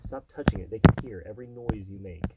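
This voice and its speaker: A middle-aged man, a father co-hosting a casual podcast, who rambles with fillers and teases in a relaxed way. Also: fairly low pitch, quick pace, very noisy. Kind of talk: casual chat.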